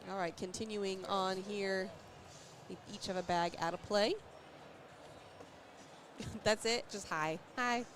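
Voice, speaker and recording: A woman's voice: medium pitch, steady tone, slow pace, long pauses, fairly bright tone. American woman, cornhole commentator, chatty and teasing, noisy background. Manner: chatty, laughs often, teasing. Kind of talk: casual play-by-play commentary. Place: tournament venue. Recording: noisy event venue.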